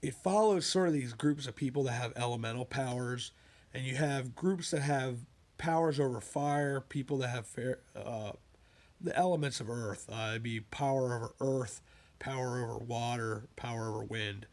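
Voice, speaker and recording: A man chatting casually about his own books, wandering off into side stories and asides as he goes. His voice sits in an ordinary middle pitch. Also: normal speed. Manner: rambling, with digressions and asides. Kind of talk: casual spoken monologue.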